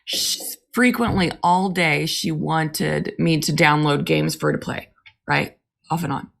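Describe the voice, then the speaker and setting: A woman's voice: low-pitched, fairly even intonation, measured pace, gravelly. A woman in her thirties co-hosting a podcast, telling candid family stories and swearing freely in casual chat. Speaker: podcast co-host.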